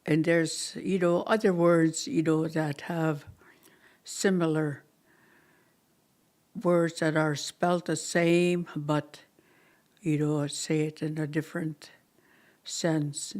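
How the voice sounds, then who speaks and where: A language teacher leading a slow class, repeating each word many times with halting pauses and sometimes dropping to a near-whisper. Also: mid-range voice, level tone, darkish tone. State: dry mouth, thirsty.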